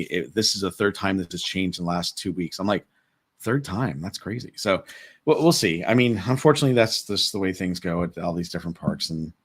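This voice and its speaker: Male podcast co-host, lower register, conversational storyteller. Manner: animated retelling with quoted dialogue. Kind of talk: casual panel chat, storytelling.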